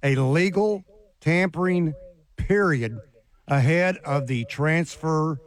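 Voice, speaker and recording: A man hosting a sports radio show, moving between callers and guests at a brisk clip. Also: on the high side.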